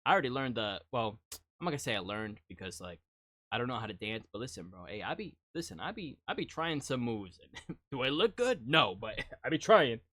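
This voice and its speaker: A man casually talking through a live-stream reaction, teasing his viewers, laughing and jumping suddenly from quiet to loud. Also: medium pitch, very animated, brisk, no echo. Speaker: streamer reacting to music videos.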